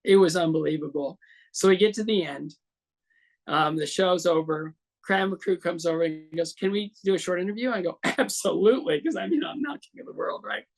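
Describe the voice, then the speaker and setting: A man's voice: sits high, a little fast, creaky. A man in his sixties, a guest in an interview, telling a long story and acting out the other voices in it. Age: 60s.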